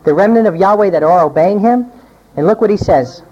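Animated woman preaching, dull lo-fi recording. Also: fairly quick. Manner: animated, acts out quoted voices with big pitch swings. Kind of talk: sermon with scripture reading.

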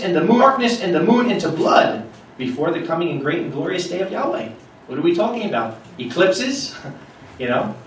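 A man's voice: high-pitched, recorded from a distance, a little hiss or hum. A man preaching a sermon, reading scripture aloud with rising intensity and then explaining it in plainer talk. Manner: animated, rises loudly when reading scripture. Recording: echoey room, speaker off-mic.

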